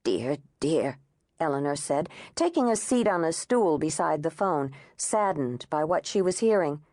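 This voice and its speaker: Woman narrator, lower voice, very lively intonation, dry close studio sound, audiobook narration. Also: no echo. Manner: expressive, measured storytelling.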